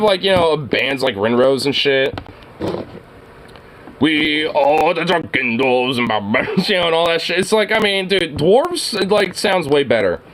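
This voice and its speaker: Male reactor host, animated pitch, rambling and profane, laughs a lot. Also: a little hiss or hum. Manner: rambling, swearing, frequent laughs and fillers. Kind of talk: casual reaction commentary.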